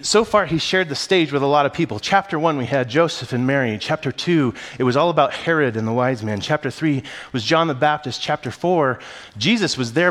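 Animated storytelling pastor, a man. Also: medium pitch. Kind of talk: storytelling sermon.

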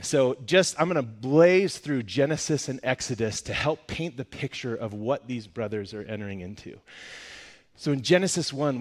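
A man in his thirties giving a sermon as a guest speaker, telling a personal story with lively energy and a voice that rises high in the acted-out moments.

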